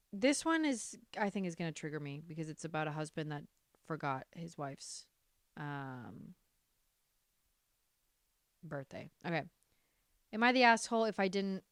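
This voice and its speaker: A woman's voice: fairly low pitch, clean tone, no echo, clean studio sound. A young adult woman hosting a podcast, reading online stories aloud and breaking off into heated, profane reactions. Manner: animated, swears often, reacts heatedly while reading. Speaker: podcast host. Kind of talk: casual podcast chat reading reddit stories.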